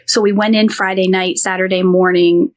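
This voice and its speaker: A woman in her thirties, a podcast guest, telling an emotional personal story in halting phrases with many restarts and quoted dialogue. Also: mid-range voice, little pitch movement.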